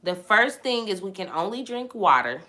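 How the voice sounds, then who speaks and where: A woman's voice: medium pitch, big pitch swings, moderate pace, bright, forceful tone. A young woman hosting a casual live-stream Bible talk, repeating phrases for emphasis as she preaches and reacts to viewer comments. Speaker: host of a live Bible chat.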